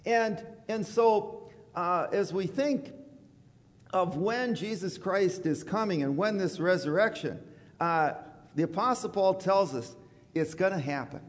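A man preaching a sermon in a church, conversational and animated, acting out quoted voices. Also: sits high, measured pace. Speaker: pastor. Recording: church hall reverb.

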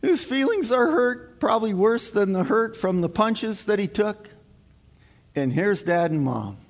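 A man's voice: high-pitched, big pitch swings, measured pace. A male pastor preaching a sermon to his congregation in an earnest, emphatic way, repeating his key points. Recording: long hall reverb.

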